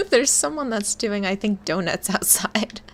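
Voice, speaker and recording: A woman's voice: mid-range voice, expressive, unhurried, slight background noise. Chatty young woman playing a game. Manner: chatty, swears casually, stumbles over long words. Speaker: game streamer. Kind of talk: casual gameplay commentary, reading game text aloud.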